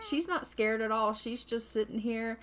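A woman narrates her gameplay casually, chatting and teasing her characters with sarcastic asides. Her voice sits a little high, with a faint hiss behind it. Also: expressive, normal speed, a bit bright. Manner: chatty, sarcastic, exclaims freely. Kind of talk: casual let's-play narration.

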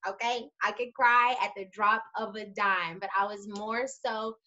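A woman co-hosting a casual chat video, telling stories in an animated way and talking straight to the viewers. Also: medium pitch, measured pace, highs cut off. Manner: animated storyteller, addresses viewers directly.

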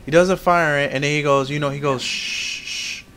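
A man's voice: on the high side, fairly even intonation, fast, fairly bright tone, a little hiss or hum. A man hosting a casual podcast, ranting in exasperation and restarting his sentences often. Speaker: podcast host. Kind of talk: casual wrestling recap podcast.

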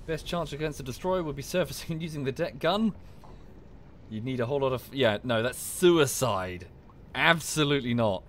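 A man's voice: fairly high pitch, slight background noise. A man from the UK chatting casually while streaming a game, with dry muttered asides. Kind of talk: casual gameplay commentary.

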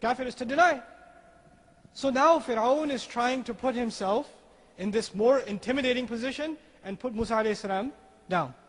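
A man giving an animated religious lecture, acting out the dialogue he quotes and reciting scripture between explanations. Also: very high-pitched, moderate pace. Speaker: Islamic speaker. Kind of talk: lecture on Quranic language. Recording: lecture hall with long reverb.

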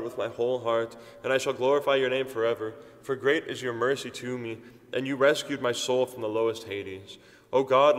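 A man reciting psalms at a steady pace during a church service, then chanting the refrains. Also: mid-range voice. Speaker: church reader. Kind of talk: liturgical psalm reading and chanting. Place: large church. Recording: long church reverb.

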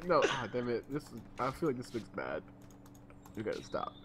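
A man's voice: mid-range voice, sing-song, normal speed, crowd noise. A man chatting casually while gaming, playful, often laughing and tripping over his words. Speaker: gamer.

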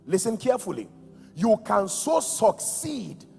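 A Nigerian man preaching a sermon with emphasis, going from shouted calls to quiet, low words and asking the congregation questions. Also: very animated, measured pace, creaky. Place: large church hall. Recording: echoey church hall with soft music.

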